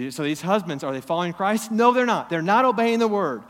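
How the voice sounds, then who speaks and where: A man's voice: animated, fairly quick, hardly any pauses. Impassioned preacher man in a reverberant hall. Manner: impassioned, rising to loud emphatic peaks then dropping low. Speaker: pastor. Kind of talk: sermon. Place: church hall.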